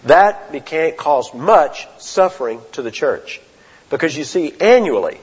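A man preaching a sermon as a pastor, earnest and deliberate, often restarting his phrases. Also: a little high, expressive, breathy edge. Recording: dull lo-fi sound with long hall reverb.

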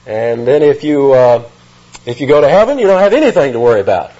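A man preaching an expository sermon, emphatic and lively, reading scripture aloud and explaining the words. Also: mid-range voice, fast talker, highs cut off.

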